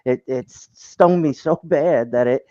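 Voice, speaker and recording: A man's voice: medium pitch, unhurried, warm tone, no echo, muffled recording. A man hosting a casual podcast chat, encouraging and affirming.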